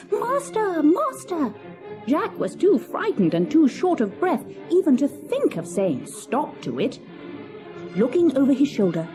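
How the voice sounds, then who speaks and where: A woman narrating a children's storybook audiobook, reading expressively and dramatically. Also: fairly high pitch.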